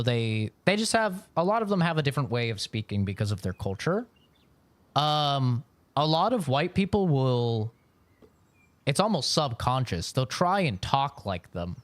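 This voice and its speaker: A man's voice: medium pitch, no room sound. A man streaming live from home, telling rambling stories in casual chat and swearing often. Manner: loose, rambling storytelling with frequent swearing.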